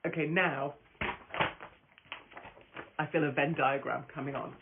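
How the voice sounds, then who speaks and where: A woman's voice: low voice, slow pace, long pauses, background noise. Brash, foul-mouthed woman on a phone stream. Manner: brash, profane, rambling, laughs often. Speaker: host of a live stream, stand-up comic. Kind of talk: casual live-stream chat. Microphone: phone camera. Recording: tinny phone-quality audio.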